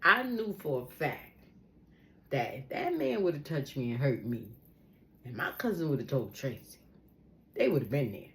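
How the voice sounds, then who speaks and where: A woman telling a personal story in a casual, animated way, acting out the people she quotes. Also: extremely low pitch, normal speed, pauses often, slight background noise.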